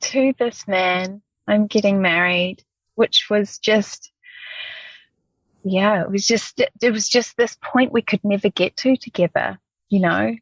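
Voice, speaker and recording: A woman's voice: mid-range voice, takes it slowly, dry recording, muffled recording. A middle-aged woman, a podcast guest, speaking openly and reflectively about her personal life, with frequent ums. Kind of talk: candid personal storytelling.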